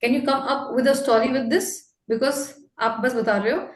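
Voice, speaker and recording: A woman with an Indian accent coaching a candidate after a mock interview. She is brisk and emphatic, mixing English and Hindi. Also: high-pitched, fairly even intonation, roomy sound.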